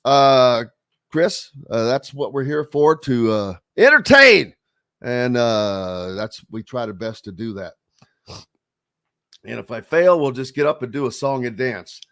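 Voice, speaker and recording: A man's voice: medium pitch, sing-song, measured pace, a bit bright. A man hosting a sports radio show, speaking in a rambling casual way with lots of fillers and restarts.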